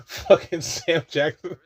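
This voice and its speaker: A man giving casual watch-along commentary on a movie. He laughs often, swears freely and does mocking high voices for the characters. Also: wildly swooping pitch, extremely slow, breathy edge.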